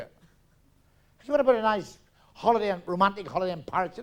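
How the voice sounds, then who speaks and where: High-pitched older stand-up comic, Northern Irish. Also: male voice, lively intonation. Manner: rapid joke-telling, acting out characters in dialogue. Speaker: stand-up comedian. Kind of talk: live stand-up routine. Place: live theatre stage.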